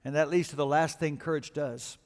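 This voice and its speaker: A man's voice: fairly high pitch, steady tone, fairly quick, a little mellow. A male pastor preaching a sermon in a large church auditorium, telling stories and building to emphatic calls to action. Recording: long reverb of a large church hall.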